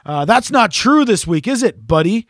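A man's voice: high-pitched, sing-song, normal speed, dry recording. A man co-hosting a podcast, reading listener messages aloud in a teasing, rambling way with lots of fillers. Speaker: podcast co-host.

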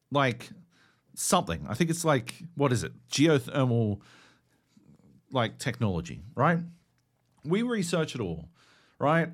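A man co-hosting a gaming podcast, telling stories in a loud, sweary, mock-indignant way. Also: on the high side. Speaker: podcast co-host. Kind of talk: casual chat.

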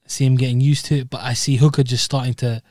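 A man's voice: medium pitch, little pitch movement, quick pace, darkish tone, no echo. Chatty British man, dry studio sound. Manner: chatty, lots of fillers and "you know what I mean". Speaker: podcast co-host. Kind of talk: casual chat.

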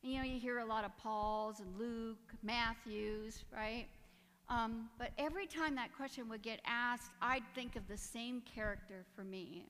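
A woman's voice: a little high, a little slow, a bit bright, long reverb tail. A woman giving a personal testimony in church, earnest and emotional, with nervous little laughs. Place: church sanctuary.

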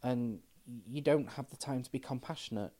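A woman's voice: very deep voice, brisk, dark tone, breathy edge. A middle-aged trans woman, talking frankly as a podcast guest and telling stories with quoted dialogue. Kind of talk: casual chat.

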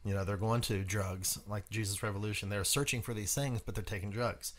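A man's voice: on the low side, fairly even intonation, a little fast, a little hiss or hum. A man co-hosting a podcast in casual chat, speaking earnestly and conversationally. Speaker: podcast co-host.

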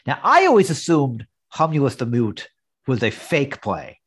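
Husky man, musing podcast host. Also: mid-range voice, huge pitch swings, normal speed, fairly bright tone. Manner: meticulous, nitpicky, musing. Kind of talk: casual chat.

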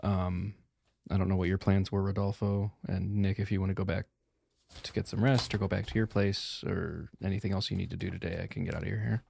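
Laid-back player, husky gravelly man, lively pitch, casual hesitant chat. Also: brisk. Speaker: tabletop game player. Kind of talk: casual tabletop game chat.

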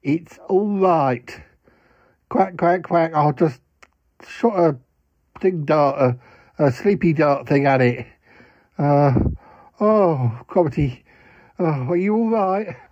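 A man's voice: a little high, slow pace, long pauses, a little mellow, no room sound, muffled recording. A man voicing a fussy, reassuring duck-like male character who quacks between his phrases. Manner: punctuates speech with "quack, quack".

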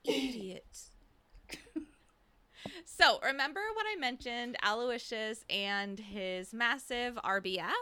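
Bright, chatty woman podcast co-host. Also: fairly high pitch, slow, a little hiss or hum. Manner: chatty, laughs often, swears. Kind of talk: casual book recap chat.

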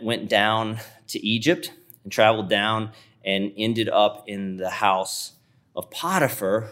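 Man, preacher, conversational sermon, vivid storytelling, low-pitched. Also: a bit bright. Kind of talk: sermon retelling a scripture story.

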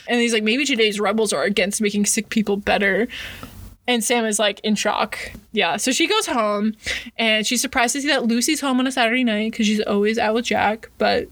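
A woman's voice: fairly high pitch, a little fast, fairly bright tone, no room sound. A woman casually recapping a book's plot on a podcast, full of "like" and acted-out quotes. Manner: chatty, filler-heavy retelling with voiced quotes. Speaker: podcast co-host recapping a book. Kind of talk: casual chat.

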